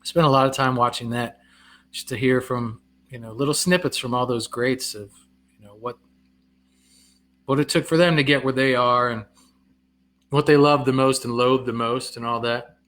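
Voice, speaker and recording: Man, comedian, live-stream chat, bright forceful tone, self-deprecating. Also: mid-range voice, steady tone. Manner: chatty, reads viewer comments aloud and answers them; self-deprecating, quick to laugh.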